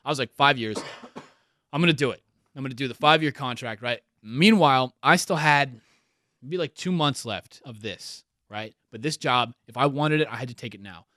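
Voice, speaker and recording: A young man casually telling stories as a podcast guest, animated and swearing often. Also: mid-range voice, normal speed, no room sound, clean studio sound. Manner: swears a lot, animated, laughs through stories. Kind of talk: casual storytelling chat.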